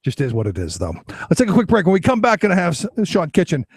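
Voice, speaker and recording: A man's voice: high voice, fast talker, husky, dry recording. A man hosting a political talk radio show, delivering an opinionated, sarcastic monologue. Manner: animated, sarcastic, acts out quoted voices.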